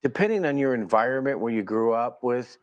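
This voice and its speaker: A man's voice: mid-range voice, lively intonation, a little fast, dull audio. A man speaking as a guest in a casual conversation, earnest and agreeable.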